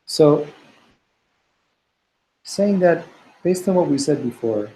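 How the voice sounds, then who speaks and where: A man's voice: on the high side, expressive, slow pace, warm tone, rough recording. A man teaching a Torah class to students in a classroom. He reads Hebrew text aloud, explains it thoughtfully, and repeats words as he works through ideas.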